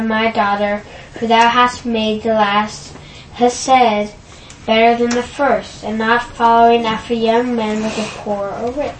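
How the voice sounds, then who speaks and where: A woman in a study group reading scripture aloud softly and slowly. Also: a little high, roomy sound, recorded from a distance, slight background noise, rough recording.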